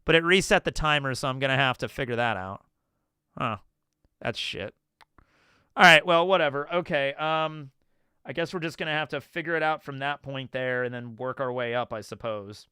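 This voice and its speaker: Dude streaming, talks loose and swears a lot, bright crisp voice, dry sound. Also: male voice, mid-range voice, moderate pace, pauses often, dry recording. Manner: rambling, swears casually, laughs often. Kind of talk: casual live-stream commentary.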